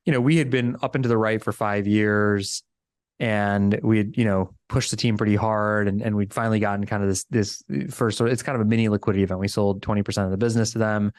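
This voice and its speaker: Animated male podcast guest telling stories. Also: fairly low pitch, fast talker, no echo. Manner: animated storyteller, acts out quoted voices. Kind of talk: casual storytelling interview.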